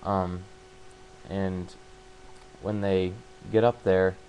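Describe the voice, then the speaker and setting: A man casually retelling a book's plot, halting and full of fillers and restarts. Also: low voice, level tone, darkish tone, lo-fi sound, a little hiss or hum. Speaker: book summarizer.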